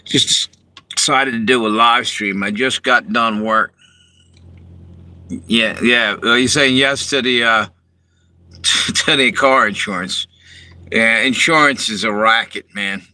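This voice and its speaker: A man's voice: medium pitch, slow pace, long pauses, bright, forceful tone. A man from Delaware, chatting casually on a live stream from his parked car, greeting viewers and rambling between comments.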